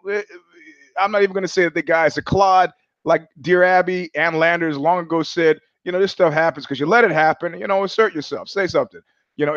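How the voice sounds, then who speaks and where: A man's voice: a little high, a bit bright, dry recording, muffled recording. A man hosting his own live show, telling a long story in a rambling way, full of restarts and quoted asides. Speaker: show host. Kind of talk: casual livestream monologue.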